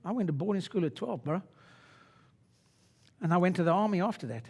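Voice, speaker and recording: Older guy in his 60s running a chiropractic seminar, brash and salty, yells now and then, highish voice. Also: lively intonation, fairly quick, husky. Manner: blunt, swaggering and salty, with sudden loud shouted bursts. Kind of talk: live seminar talk to an audience.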